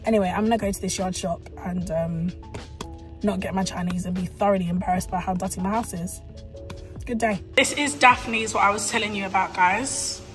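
A young woman, talking to camera in a lively, storytelling vlog. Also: mid-range voice. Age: young adult. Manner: animated storytelling, exclaims often. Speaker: vlogger.

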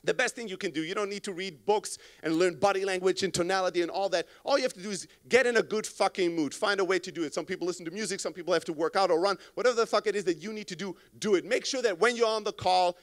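A man giving an energetic, profane talk on a conference stage into a microphone, acting out reactions to phone calls. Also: high-pitched, fast talker, hardly any pauses. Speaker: conference speaker.

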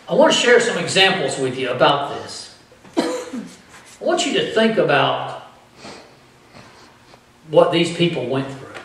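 A man preaching a sermon as pastor, with animated delivery that acts out the voices of the people in his story. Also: on the high side. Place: church sanctuary. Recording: echoey church from far off.

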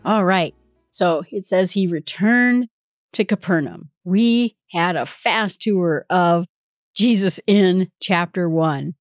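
Low-voiced woman teaching Bible study. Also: slow pace, no echo, clean studio sound, faint music behind. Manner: conversational, explaining with casual asides. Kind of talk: informal Bible study talk.

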